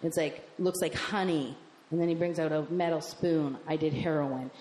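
A woman doing stand-up comedy on stage, telling a brash, profane story and acting out the dialogue in quick voices. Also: sits low, fairly even intonation, a little mellow, reverberant, a little hiss or hum.

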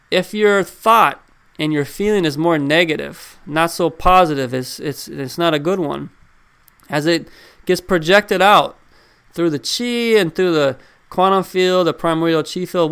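A man's voice: a little high, fairly bright tone, smooth. A man giving a casual motivational talk, speaking straight to his listeners with questions and driving his points home by repeating them. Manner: conversational, drives points home with repetition; addresses listeners directly with questions. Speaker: self-help speaker.

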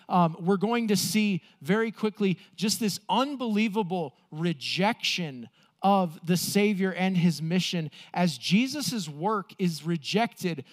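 Man, pastor, sermon, earnest, slightly high voice, acts out quotes.

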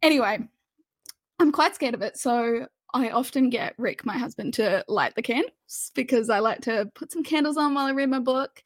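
Chatty woman, slightly high voice. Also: moderate pace, no echo, clean studio sound. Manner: chatty, self-mocking, rambling. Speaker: podcast co-host. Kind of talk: casual chat.

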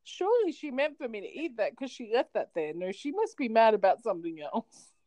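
Woman doing chattering excited pet dogs. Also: fairly high pitch, brisk, no room sound, voice pushed up. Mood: anxious. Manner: eager, breathless, childlike run-on chatter.

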